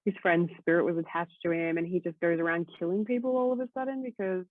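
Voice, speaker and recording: A woman's voice: lowish voice, fairly even intonation, quick pace, no room sound. A woman guest chatting casually on a podcast, rambling with lots of "like" fillers and casual swearing. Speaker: guest co-host. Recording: tinny phone-like line, dry.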